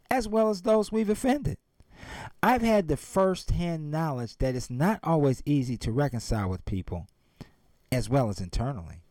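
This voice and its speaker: With a mid-range, slightly mellow voice and no echo in the recording, a man delivers a motivational speech built around a retold story. He speaks emphatically, addressing his listeners head-on.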